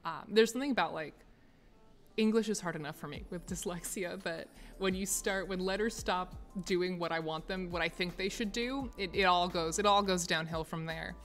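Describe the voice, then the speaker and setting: A woman's voice: fairly low pitch, moderate pace, fairly bright tone, faint music behind. Chatty young woman, rambling and giggly. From United States. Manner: rambling, laughs often, many fillers. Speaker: streamer chatting with viewers. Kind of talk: casual chat. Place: office.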